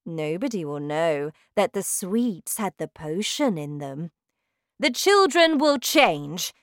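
A woman voicing a cruel, bossy female witch leader who shouts her orders with scorn, in a storybook reading. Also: on the low side, big pitch swings, takes it slowly, no room sound, studio quality. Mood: scornful, commanding. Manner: shouting, commanding, contemptuous.

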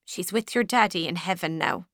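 A woman reading a storybook, voicing a widowed older mother who speaks slowly and quietly in grief. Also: fairly low pitch, no room sound, studio quality. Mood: sorrowful. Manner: slow and quiet. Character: widowed older Irish mother, grieving, lonely.

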